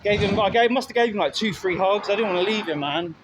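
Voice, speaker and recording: A man's voice: high-pitched, fast. A middle-aged man talking candidly and rambling in a casual vlog, recorded outdoors by a road, swearing now and then. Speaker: vlogger. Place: outdoors by a road with passing traffic. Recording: outdoor phone recording with faint traffic. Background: faint traffic and street sounds.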